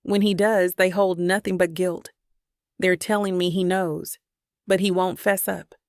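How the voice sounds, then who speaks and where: Woman, audiobook narrator, gravelly, dry studio sound, dramatic. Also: lowish voice, flat delivery, unhurried, no echo. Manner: dramatic, voices characters' lines with emotion. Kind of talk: first-person romance audiobook narration.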